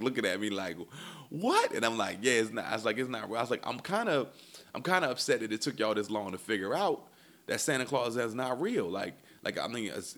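A man hosting a podcast, telling a casual story in a blunt, profane way, and jumping up high when he imitates his kids. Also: a bit bright. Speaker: podcast host.

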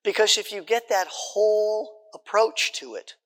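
Bright-voiced man teaching a Bible class. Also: high voice, a little slow, long reverb tail. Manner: conversational, repeats points, checks in with "right?".

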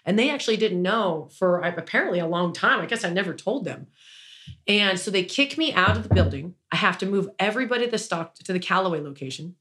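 A woman of middle pitch tells a long personal story as an interview guest, rambling from one point to the next with frequent fillers and restarts. Her tone turns indignant as she recounts being wronged. It sounds like casual talk rather than a prepared account. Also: expressive, fast talker, a bit bright. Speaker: small business owner, interview guest.

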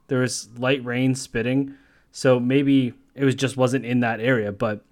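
A man co-hosting a podcast, telling long rambling stories in casual chat and swearing freely. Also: mid-range voice. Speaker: podcast co-host.

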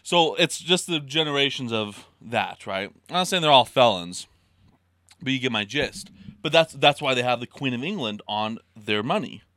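A man's voice: medium pitch, normal speed, no room sound. A young man from Idaho chatting casually on a podcast, ranting with lots of swearing. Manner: profane, ranting, animated. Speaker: podcast co-host. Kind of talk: casual chat.

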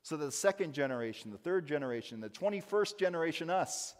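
A man's voice: a little high, expressive, fast talker. Emphatic male pastor in a reverberant church. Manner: emphatic, swings between loud stresses and quiet asides. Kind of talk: sermon.

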